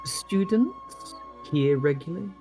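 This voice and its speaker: A man's voice: high-pitched, animated, slow pace, music in the background, pitched above the performer's own voice, full character voice. A man voicing a polite, curious female adventurer who speaks formally. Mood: courteous.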